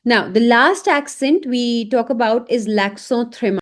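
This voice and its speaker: A woman teaching an online French lesson in English, speaking slowly and saying each example word several times. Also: on the high side, lively intonation.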